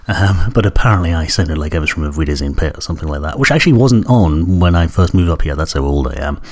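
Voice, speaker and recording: A man in his thirties with a Scottish accent that slips now and then into hints of Newcastle. He talks quickly in a low voice. He hosts his podcast in a loose, rambling, self-deprecating way, full of ums and uhs. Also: expressive, darkish tone. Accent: Scottish with traces of Newcastle. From Scotland. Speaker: podcast host. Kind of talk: casual rambling monologue.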